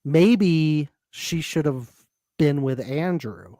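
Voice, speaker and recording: A man's voice: on the high side, drawn-out words, warm tone, dry recording, studio quality. A man co-hosting a casual recap podcast, laughing often and chiming in to agree. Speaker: podcast co-host.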